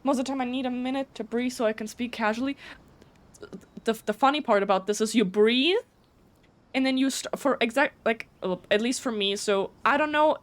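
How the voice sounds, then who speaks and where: A woman whose first language is German, chatting casually on a live stream, talking fast with frequent stutters and restarts. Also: on the high side.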